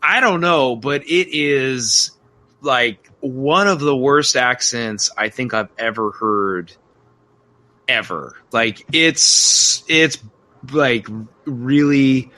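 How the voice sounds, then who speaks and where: A man's voice: mid-range voice, lively intonation, very slow, pushed and bright. A man co-hosting a podcast, giving his take in a rambling, enthusiastic casual chat. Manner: enthusiastic, rambling, self-interrupting. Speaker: podcast co-host. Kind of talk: casual film review chat.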